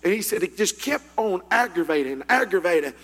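A man preaching a Pentecostal sermon as a pastor, telling a story in a low voice and then building up to shouted praise. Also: expressive, fairly quick, big-room sound.

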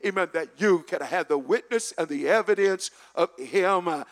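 A man preaching a sermon as pastor, quoting scripture loudly and asking the congregation to repeat after him. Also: high voice, moderate pace, big-room sound. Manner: preaching with shouted scripture and call-and-response.

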